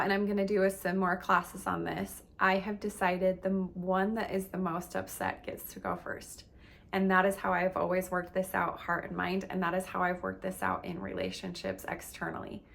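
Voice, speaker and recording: A woman's voice: mid-range voice, creaky, fairly bright tone. A woman coach telling a personal story in a candid, emotional, casual way, with lots of filler words. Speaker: relationship and meditation coach.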